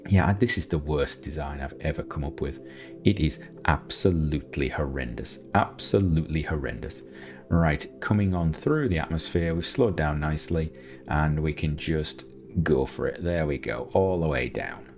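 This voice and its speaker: A man's voice: very deep voice, normal speed, a little mellow, faint music behind. A man giving chatty, self-mocking commentary while he plays, thinking aloud with many restarts. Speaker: gameplay commentator. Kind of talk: casual gameplay commentary.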